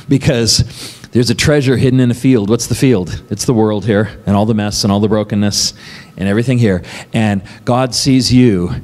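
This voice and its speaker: A man's voice: on the low side, darkish tone. A man pastor preaching a sermon in a conversational way, often asking the congregation questions and laughing between points. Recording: church hall with long reverb.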